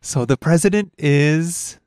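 Male lesson host, relaxed and chatty, dry studio read. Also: slow pace, no room sound. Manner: chatty, laughs easily, explains pitch accent. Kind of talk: casual lesson podcast.

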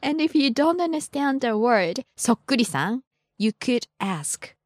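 Breathy, lively woman teaching a language. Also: a little high, moderate pace, dry recording, clean studio sound. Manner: gives short answers and models example phrases. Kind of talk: casual podcast lesson.

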